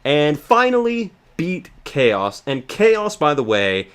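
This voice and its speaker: Rambling, excitable man ranting about a game. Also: a little high, slow pace, smooth. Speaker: let's play host. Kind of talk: casual game recap rant.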